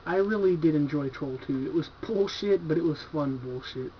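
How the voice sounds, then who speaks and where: A man's voice: a little high, normal speed, a little hiss or hum. A man casually reviewing horror movies from his collection at home, laid-back and enthusiastic, swearing freely and filling his talk with "like" and "you know.". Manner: laid-back, profane, enthusiastic, filler-heavy. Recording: dull lo-fi home video recording.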